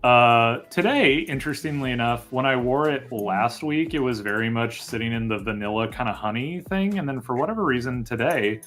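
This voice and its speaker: A man's voice: mid-range voice, brisk, hardly any pauses, fairly bright tone. A man co-hosting a live stream, talking enthusiastically in a loose, rambling way. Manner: enthusiastic, rambling, frequent fillers. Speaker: co-host of a fragrance live stream. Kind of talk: casual chat.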